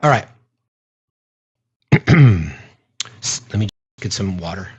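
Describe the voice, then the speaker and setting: A man's voice: sits low, lively intonation, takes it slowly, a little hiss or hum. A man hosting a political commentary show, reacting with disbelief and reading statements aloud with asides. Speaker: host.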